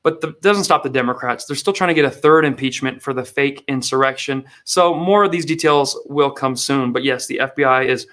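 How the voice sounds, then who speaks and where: A man's voice: medium pitch, a little fast, few pauses, fairly bright tone. A man hosting satirical political commentary in a mocking, sarcastic way. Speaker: comedy host.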